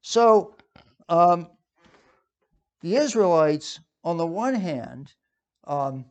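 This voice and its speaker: A man's voice: on the high side, lively intonation, extremely slow, darkish tone. A man preaching a sermon in a conversational way, with frequent fillers and restarts.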